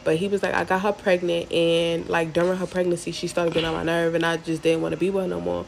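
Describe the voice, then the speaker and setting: A young woman with a slightly low voice tells a casual storytime in loose, slangy talk full of "like" fillers. She is animated as she tells it, and a faint noise sits under her voice. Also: fast, gravelly. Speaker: storyteller recalling time in prison.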